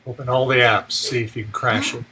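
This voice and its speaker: A man in a casual group chat who speaks in an easygoing, halting way with fillers. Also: mid-range voice, flat delivery, sharp tone, slight background noise, low-quality recording.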